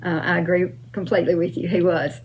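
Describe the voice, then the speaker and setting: A woman's voice: on the low side, level tone, fast, highs cut off, a little hiss or hum. An older woman hosting her own channel, answering fan questions in an emphatic, casual way with frequent uh and um.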